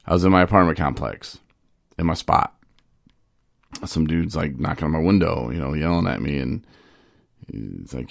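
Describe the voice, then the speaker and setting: A man's voice: very deep voice, measured pace, creaky, pauses often, dry recording, clean studio sound. A man telling a candid personal story in a loose, rambling way, full of "you know" fillers. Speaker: podcast host in recovery.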